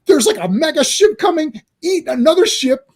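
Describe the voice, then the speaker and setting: A man's voice: very high-pitched, very animated, moderate pace. A man ranting in casual movie chat, acting out quoted reactions. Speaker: podcast co-host.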